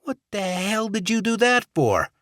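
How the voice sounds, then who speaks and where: A man's voice: sits high, sing-song, a little slow, a bit bright, dry recording, clean studio sound, voice pushed up, exaggerated voice. A man voicing a stunned, wary partner on a covert team who questions everything in disbelief. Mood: incredulous. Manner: incredulous, questioning.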